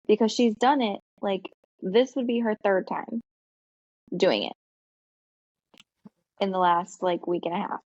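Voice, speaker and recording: A woman co-hosting a podcast, telling a long casual story full of "like" and "um" and quick laughs. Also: medium pitch, a little mellow, no room sound, muffled recording. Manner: chatty storytelling with frequent fillers and laughs. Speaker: podcast co-host. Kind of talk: casual chat.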